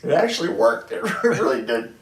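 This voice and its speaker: An older or middle-aged production designer tells stories in casual conversation, frequently restarting and acting out other people's words. His medium-pitched voice is very animated and a little fast, with slight background noise in an echoey room.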